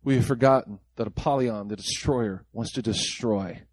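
A man's voice: mid-range voice, normal speed, breathy edge, no room sound. A man preaching a sermon as pastor, mimicking the people he quotes in mocking voices.

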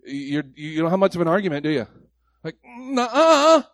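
Man pastor preaching live to a congregation, high-ish voice, fervent and emphatic, dry close mic. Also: sing-song, normal speed, dry recording. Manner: impassioned, emphatic preaching with repeated rhetorical questions. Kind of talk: sermon. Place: church service before a congregation.

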